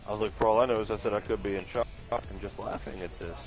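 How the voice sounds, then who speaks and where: Man, low-pitched, casual, jokey, self-mocking, dull lo-fi sound, faint music. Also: quick pace. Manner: laughs through his own painful stories, joking and self-mocking. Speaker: live stream chat participant. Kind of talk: casual storytelling chat. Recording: muffled lo-fi stream audio with faint music.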